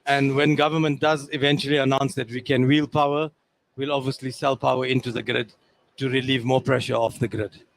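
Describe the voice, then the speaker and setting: A man's voice: mid-range voice, no room sound. A man, the mall's landlord, giving a welcoming speech at an outdoor event with frequent restarts and fillers. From South Africa.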